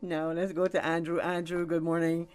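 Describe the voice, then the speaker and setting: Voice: medium pitch, level tone, moderate pace, darkish tone, clean tone. A radio host interviewing guests, prompting each with questions. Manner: prompting questions, brief responses.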